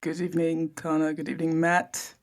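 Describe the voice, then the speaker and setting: A woman's voice: low-pitched, monotone, fairly quick. A woman from France with a French accent, chatting as a guest and carefully correcting pronunciation. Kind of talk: casual interview chat.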